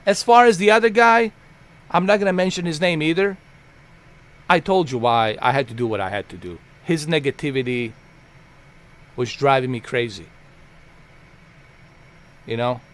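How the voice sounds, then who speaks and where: A man's voice: fairly high pitch, normal speed, long pauses, clean tone. A man streaming live and ranting at his chat in a heated, blunt, profane way, repeating himself for emphasis.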